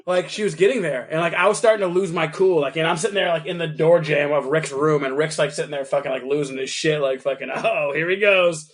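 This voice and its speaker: Animated man telling a story on a podcast. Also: a little high, fast talker, hardly any pauses. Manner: animated storytelling, acting out both sides of a call, swearing. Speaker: podcast co-host. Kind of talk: casual podcast chat.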